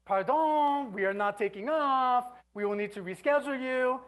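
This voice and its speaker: A woman's voice: high-pitched, normal speed, voice pushed up, natural voice. A woman putting on a male airline captain giving a formal, apologetic announcement in a French-tinged voice.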